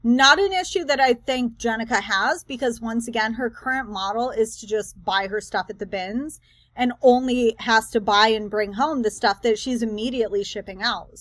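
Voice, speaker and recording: High-voiced chatty woman commentator. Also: no room sound. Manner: chatty, rambling, animated asides. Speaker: reseller commentary host. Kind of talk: casual reaction commentary.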